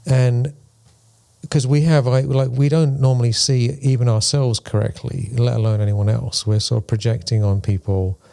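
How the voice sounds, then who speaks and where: A man's voice: medium pitch, steady tone, normal speed, creaky, dark tone. A man co-hosting a spiritual discussion podcast, talking things through thoughtfully and using playful examples. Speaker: podcast co-host.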